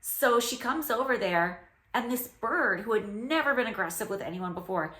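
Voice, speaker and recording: A woman's voice: fairly high pitch, lively intonation, normal speed, sharp tone. A woman hosting a casual reaction commentary on a reality show, telling stories in a chatty way with lots of "like" and easy laughter. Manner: chatty storytelling with frequent "like" fillers and laughter. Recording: roomy echo.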